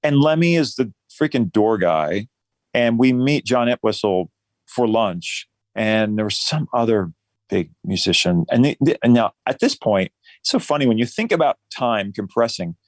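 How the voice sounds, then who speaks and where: A man's voice: medium pitch, expressive, normal speed, dry recording. A middle-aged man from New Jersey, a musician guest telling rambling, self-deprecating stories in a casual interview.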